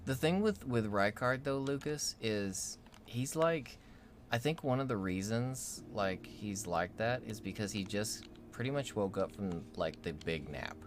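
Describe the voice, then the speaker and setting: A man's voice: lowish voice, expressive, measured pace, a little hiss or hum. Rambling, playful man streaming a game. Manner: rambling, playful, fond of mock pronunciations. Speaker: livestream co-host. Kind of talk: casual gaming stream chat.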